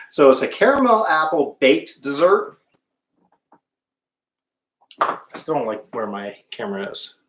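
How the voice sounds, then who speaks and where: A man hosts a casual live-stream cooking show, chatting with viewers and stopping to hum while he tastes. His medium-pitched voice is very animated and fairly bright, and he takes it slowly with long pauses in an echoey room.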